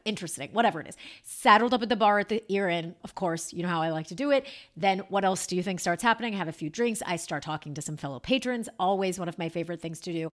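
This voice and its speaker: A woman in her thirties hosting a podcast, telling a rambling story in a chatty, animated way full of fillers and asides. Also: mid-range voice. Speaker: podcast host. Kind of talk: casual storytelling monologue.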